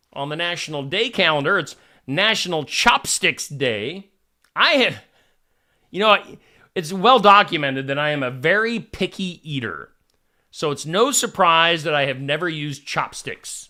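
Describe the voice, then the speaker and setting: A man's voice: a little high, animated, normal speed, bright, forceful tone. A man from Iowa, hosting a casual live stream and chatting in a jokey way as he greets viewers.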